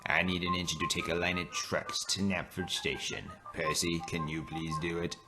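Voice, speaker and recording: Man doing a formal railway boss, low voice, giving orders. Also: flat delivery, normal speed, music in the background, natural voice. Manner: formal, businesslike.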